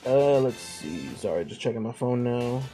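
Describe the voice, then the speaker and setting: A male game streamer in a loose, chatty mood, riffing on viewer messages with a playful and rambling delivery. His voice sits at a middle pitch, and faint music plays underneath. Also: expressive, normal speed, mellow. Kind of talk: casual live-stream chat, reading out viewer messages.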